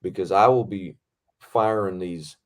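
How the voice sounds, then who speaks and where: A man voicing a stern male stunt coordinator with a Southern US accent, giving slow, careful safety warnings. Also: sits low.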